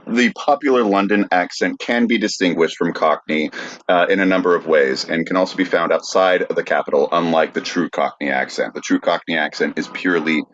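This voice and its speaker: Very deep voiced american-raised guy reading podcast notes, lots of uhs, muffled lo-fi sound. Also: a bit bright. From United States. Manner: halting, filler-heavy reading. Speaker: podcast co-host.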